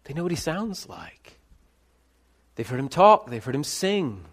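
A man delivers a sermon at an unhurried, measured pace. His voice sits a little on the high side, and he moves between quiet, intimate questions and loud, ringing calls. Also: big pitch swings. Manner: dramatic shifts between soft and loud, calling out names. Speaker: pastor.

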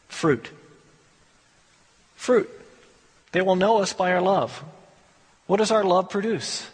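A man's voice: on the high side, husky, in a large hall. A man preaching a sermon as a pastor, conversational and emphatic, asking rhetorical questions.

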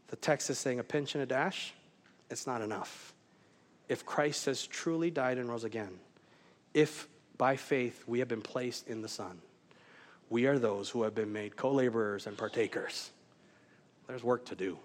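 A man's voice: medium pitch, a little slow. A man preaching a sermon as pastor, earnest and driving, with many rhetorical questions. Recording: hall reverb.

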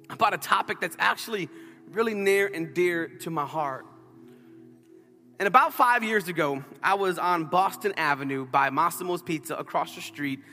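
A bright, high-pitched man preaches to his church, telling a story with playful asides. His voice rings out in a long-reverb sanctuary with faint music underneath. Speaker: pastor. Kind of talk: sermon.

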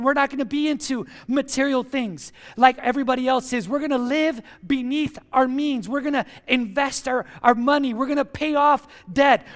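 High-voiced, high-energy preaching man. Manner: energetic, emphatic, leads the congregation in call-and-response. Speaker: pastor. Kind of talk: sermon.

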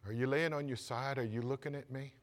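A male pastor voicing a frightened five-year-old boy in a sermon story, speaking small and hushed. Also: mid-range voice, steady tone, fairly quick, close to an everyday voice. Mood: pleading. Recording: long hall reverb.

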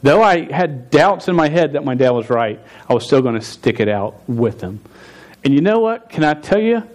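A man in his forties telling a story in a sermon, animated, stumbling and restarting his words as he goes. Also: medium pitch, normal speed. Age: 40s. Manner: stuttering with frequent restarts. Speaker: pastor.

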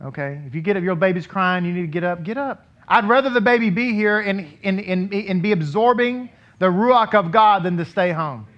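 Speaking at normal speed with few pauses, a high-pitched rabbi leads his congregation in a synagogue sanctuary. His sermon is conversational and full of questions to the congregation, heard through a dull, lo-fi recording.

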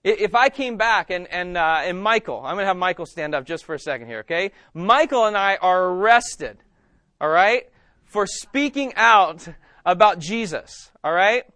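Man, pastor, sermon, raised pitch, dry sound. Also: normal speed, dry recording. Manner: animated, asks the congregation questions. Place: church.

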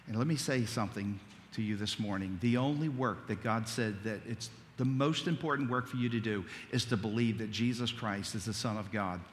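A man's voice: lowish voice, fairly quick, long reverb tail, a little hiss or hum. A man preaching a sermon, telling a story and then building into a fervent, rising litany.

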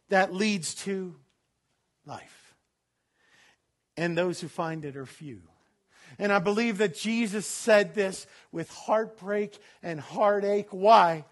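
A man with a strikingly high voice preaches a sermon to his congregation. He gets loud and laughing in his stories, then drops low and quiet to read scripture. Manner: animated preaching, swinging from loud laughing bursts to low solemn reading. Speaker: pastor.

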